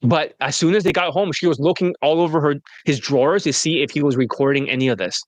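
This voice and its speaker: Speaking as a dating coach in a loose, casual interview, a man with a slightly raised pitch talks fast, bluntly and with plenty of profanity, often breaking into laughter. The recording is dry and close with no echo.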